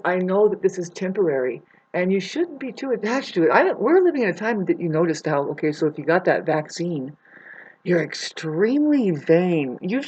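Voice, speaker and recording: Vlogger ranting to viewers, lots of swearing and restarts, gets loud then mutters, muffled lo-fi audio. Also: medium pitch. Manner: swings between loud outbursts and muttering. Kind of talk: rambling spiritual monologue to viewers. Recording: muffled lo-fi recording.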